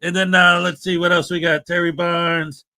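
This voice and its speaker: A man's voice: high voice, little pitch movement, normal speed, pushed and bright. A man hosting a morning livestream, greeting viewers by name in a chatty, upbeat way. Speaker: livestream host. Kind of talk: casual livestream chat.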